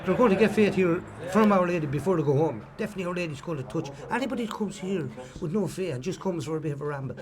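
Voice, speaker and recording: Irish guy telling his faith story, rattles on quick, higher voice, street noise behind. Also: expressive, crowd noise. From Ireland. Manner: earnest, rambling storyteller, repeats himself. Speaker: pilgrim giving testimony. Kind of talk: personal testimony. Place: outdoors at a pilgrimage site.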